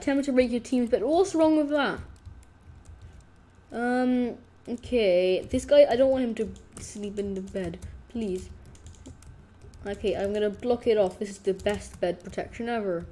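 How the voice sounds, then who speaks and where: Young woman gamer, high mellow voice, acts like a total noob, gushes and squeals nonstop. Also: measured pace. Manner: gushing and overexcited, constant exclamations, panicky squeals. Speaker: gaming YouTuber. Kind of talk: comedic gameplay commentary playing a clueless newbie.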